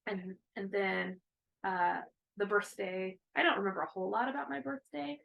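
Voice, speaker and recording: A woman's voice: mid-range voice, fairly even intonation, moderate pace, gravelly, muffled recording. A woman in her thirties, co-hosting a casual chat about cross-stitching, rambling with many fillers.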